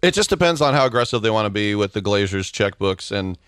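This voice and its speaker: A middle-aged man co-hosting a podcast, chatting excitably about sports in a rambling way. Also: lowish voice, fast, smooth, no room sound, clean studio sound. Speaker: podcast co-host. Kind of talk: casual sports chat.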